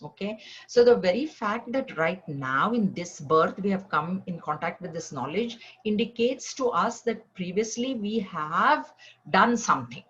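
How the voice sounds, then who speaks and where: A woman teaching a spiritual scripture class, explaining verses and telling stories with lively acted quotes. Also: medium pitch, a little slow, lo-fi sound. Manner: storytelling with animated acted quotes.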